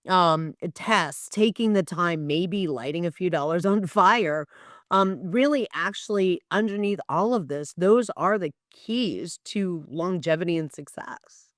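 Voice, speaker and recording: A woman's voice: fairly low pitch, dry recording, clean studio sound. A woman hosts a casual interview, reflects on the topic, and backs up her guest. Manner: supportive, affirming listener. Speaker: podcast host.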